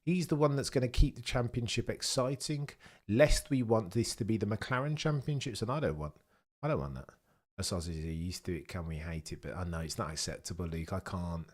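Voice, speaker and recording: Brief: British male streamer with a lowish voice. Cheeky live race chat that jumps from loud outbursts to quiet asides. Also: a little fast. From United Kingdom. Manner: chatty and cheeky, swinging between loud excited bursts and low mutters. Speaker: livestream host. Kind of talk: live race watchalong commentary, chatting with viewers.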